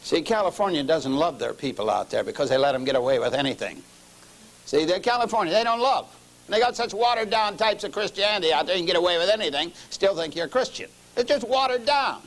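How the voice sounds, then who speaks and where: A preaching man, his voice sitting a little high for a man. He tells his story in a sermon, sinking to quiet low lines and then lifting into emphatic passages. Middle-aged and practiced at the pulpit. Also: lively intonation, fast, low-quality recording.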